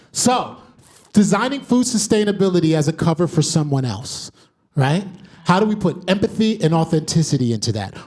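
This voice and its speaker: A man leads an interactive audience workshop, his pitch leaping up and down with animated energy. He keeps calling on people and checking in with a repeated "right?". The sound is dry and close to the mic, with a slightly higher voice than most men. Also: no room sound. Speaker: workshop facilitator.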